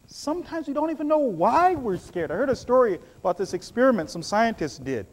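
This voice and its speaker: A man preaching a sermon, telling stories with animated swings between loud bursts and low hushed asides. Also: fairly quick, hardly any pauses.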